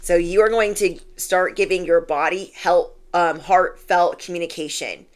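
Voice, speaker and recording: A woman's voice: lowish voice, steady tone, a little slow. A woman giving a casual spiritual reading, chatty and affirming, often saying "like". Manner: chatty and affirming, heavy use of "like". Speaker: intuitive card reader.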